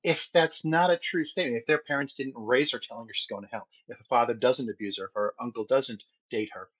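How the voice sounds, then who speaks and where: Husky middle-aged man telling a rambling story. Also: mid-range voice, quick pace, lo-fi sound. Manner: rambling, animated storyteller with many restarts. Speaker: podcast co-host. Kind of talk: casual storytelling chat.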